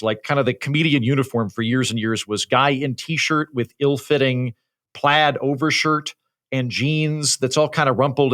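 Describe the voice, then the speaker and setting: Comedian guest, man in his 30s, faint Oklahoma lilt, crisp announcer-like delivery, bright tone. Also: medium pitch. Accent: light Oklahoma American. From Oklahoma, USA. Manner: formal, authoritative radio-style diction, wry storytelling. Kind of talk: casual chat.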